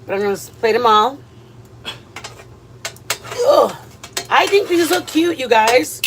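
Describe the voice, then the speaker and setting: A high-pitched woman chats with her viewers in a home kitchen. She is loud, teasing and quick to laugh. Faint background noise sits under the voice. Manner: lively, loud, playful, laughing. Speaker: cooking vlog host. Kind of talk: casual cooking chat with viewers.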